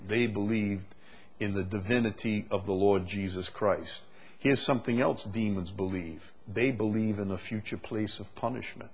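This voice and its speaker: Man, preacher, husky voice, emphatic sermon delivery, scripture reading. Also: on the low side, fairly even intonation, normal speed. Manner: emphatic preaching with rising intensity on scripture quotes.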